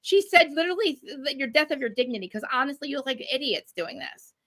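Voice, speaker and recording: A woman ranting in casual chat, animated and profane, with many restarts. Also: high voice, dry recording. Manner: rapid, profane, animated rant with frequent restarts. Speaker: guest commentator. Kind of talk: casual chat recapping a reality show.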